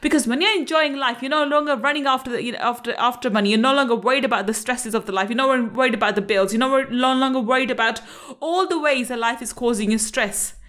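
High-voiced upbeat woman coach. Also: quick pace, fairly bright tone. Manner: upbeat, laughs often, repeats rhetorical questions. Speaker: money coach. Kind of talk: motivational talk to camera.

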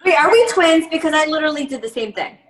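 A woman co-hosting a podcast in casual chat, excitable and blunt, with crude words. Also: high-pitched, fast talker. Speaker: podcast co-host.

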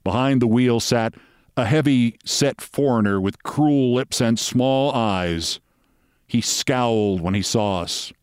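A man reads a short crime story aloud with wry, measured pacing and an even mid-range voice. The sound is dry and close to the mic, with no room echo. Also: mid-range voice, smooth. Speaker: host reading a story. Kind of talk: dramatic reading of a short story.

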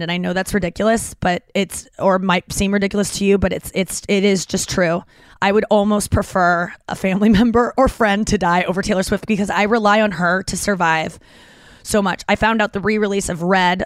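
A woman's voice: medium pitch, clean tone, no echo. A woman in her thirties, a comedian hosting a podcast, telling a long rambling story, swearing freely and acting out quotes.

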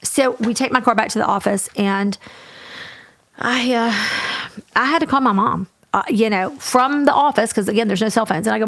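A woman co-hosting a podcast, telling a story in a lively casual way and acting out what everyone said. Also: on the high side, no room sound. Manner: animated, fast, acts out everyone's lines. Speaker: podcast co-host.

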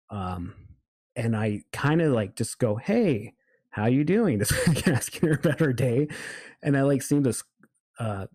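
A man's voice: mid-range voice, a little mellow, no echo, clean studio sound. A man telling a long story in a casual, rambling way, full of fillers and restarts. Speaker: guest.

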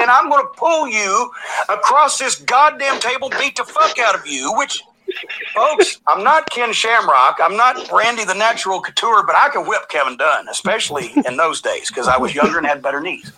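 An older man recounts an old backstage feud in a foul-mouthed, animated way. His voice sits high and rings very bright. He acts out the quoted lines as he goes. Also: moderate pace, slight background noise, rough recording. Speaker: storyteller recounting wrestling backstage days. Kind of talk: profane anecdote.

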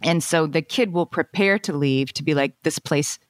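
A woman's voice: low-pitched, normal speed, dry recording, clean studio sound. A middle-aged woman chatting as a podcast guest, explaining things emphatically and laughing easily. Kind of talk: casual chat.

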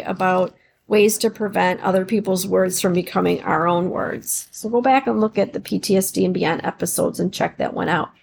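A woman hosts a self-help podcast in an encouraging, coaching tone, often asking her listeners rhetorical questions. Her voice has a gravelly fry at mid pitch, and her delivery is unscripted and full of small restarts. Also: a little hiss or hum. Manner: fillers and restarts, emotional at times. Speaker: podcast host. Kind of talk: supportive self-help talk.

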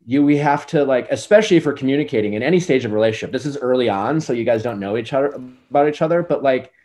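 A man's voice: medium pitch, lively intonation, very fast, a little mellow. A man in his forties giving relationship advice in a casual podcast chat, rambling and earnest with many fillers. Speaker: dating advice guest.

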